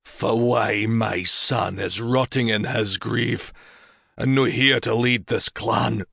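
A man reading an audiobook and voicing a vicious, crusty old Highland laird with a Scottish accent. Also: steady tone, takes it slowly, fairly bright tone, dry recording, studio quality, heavily acted. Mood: menacing. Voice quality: crusty, gruff.

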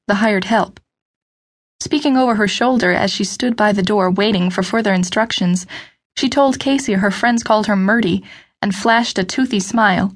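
A woman narrating an unabridged novel audiobook in a steady, measured storytelling voice. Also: mid-range voice. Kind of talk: scripted narration.

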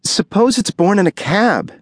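A man voicing an anxious young pregnant wife in an audiobook, speaking softly and pleadingly. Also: sits high, expressive, unhurried, dry recording, studio quality, pitched above the performer's own voice. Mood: worried. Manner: pleading, soft and worried. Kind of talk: audiobook character voice.

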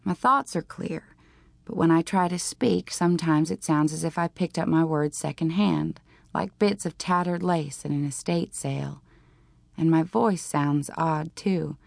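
A woman reads a teen novel aloud in the first person, with a low, gravelly voice. Her delivery is dry and deliberate with a wry edge, and the recording is close and dry with no room sound. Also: no echo. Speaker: audiobook narrator.

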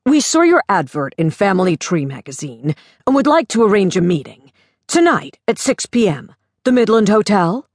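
Woman narrator voices a brisk, pushy American man with a husky drawl who talks over people. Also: medium pitch, big pitch swings, no echo, clean studio sound. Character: smooth-talking American businessman on the phone.

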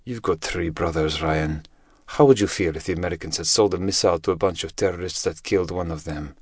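A man's voice: fairly low pitch, very fast, a little mellow, dry recording, studio quality, close to an everyday voice. A man voicing a grudging, scornful handler. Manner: grudging, contemptuous. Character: grudging male handler speaking through an earpiece.

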